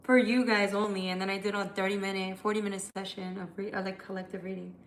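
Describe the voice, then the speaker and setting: A tired tarot reader talks fast with a flat delivery in a medium-pitched voice, with slight background noise. She chats candidly and emotionally with viewers on a livestream, swearing casually.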